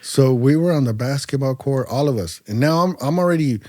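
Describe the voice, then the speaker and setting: A man from the Central Valley of California tells his story on a podcast, loose and animated, leaning on fillers as he goes. His voice sits at a middling pitch. It is caught close and dry, with no room sound around it. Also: brisk, dry recording. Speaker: podcast guest. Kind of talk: casual storytelling interview.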